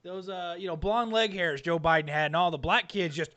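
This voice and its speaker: A man's voice: high voice, brisk, sharp tone, dull audio. A man co-hosting a podcast, telling jokes and mocking stories in casual banter. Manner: joking, mocking storyteller. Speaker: co-host.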